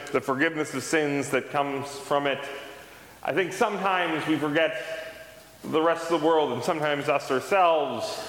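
A man's voice: on the high side, a bit bright. A man preaching a sermon as pastor, telling a personal story in a conversational way and acting out the dialogue. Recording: roomy hall reverb, faint background noise.

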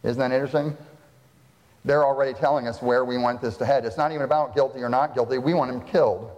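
A male pastor preaching a sermon in a church hall, lively and full of rhetorical questions. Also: mid-range voice, fast talker, lo-fi sound. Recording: long hall reverb.

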